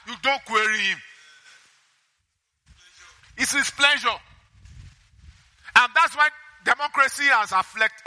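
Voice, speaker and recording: A man's voice: sits high, bright, forceful tone. A man preaching a sermon, reading scripture aloud and putting questions to his congregation. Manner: call-and-response questions to the congregation; reads scripture aloud between remarks. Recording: echoey hall.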